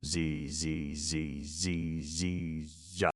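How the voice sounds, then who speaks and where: A man's voice: deep voice, sing-song, measured pace, gravelly, no echo, clean studio sound, exaggerated voice. A man reading an audiobook, voicing a young alien woman linguist who is eager and blunt and turns her S sounds into hard Z's. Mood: earnest.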